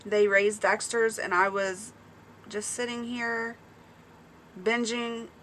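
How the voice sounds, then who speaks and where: Bright-voiced chatty woman on a livestream. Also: a little high, slow, slight background noise. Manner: excitable and chatty, reads viewer comments aloud. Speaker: small-farm livestream host. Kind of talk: casual livestream chat with viewers.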